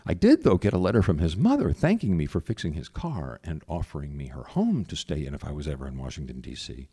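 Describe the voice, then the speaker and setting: A man telling a personal story in a conversational, animated way. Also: very deep voice, quick pace, slightly rough.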